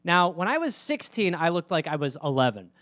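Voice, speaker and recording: Podcast host, man, high voice, rambling and profane, close mic, dry room. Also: sing-song, fairly quick, fairly bright tone, no echo. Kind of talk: casual comedic storytelling.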